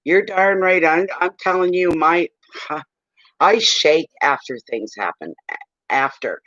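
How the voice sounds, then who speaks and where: A man's voice: fairly high pitch, big pitch swings, slow pace, pushed and bright, dry recording. Blunt man reading tarot, dull lo-fi sound. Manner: blunt, salty storyteller. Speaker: tarot reader. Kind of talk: casual livestream chat and readings.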